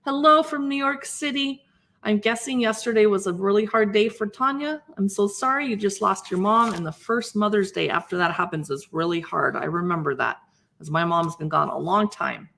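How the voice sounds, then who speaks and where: Wanita 50-an yang ramah dan bersemangat. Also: female voice, medium pitch, fairly quick, vocal fry. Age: 50s. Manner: chatty and lively, reading recipe names aloud and greeting viewers. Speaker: livestream host. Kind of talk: casual livestream cookbook flip-through.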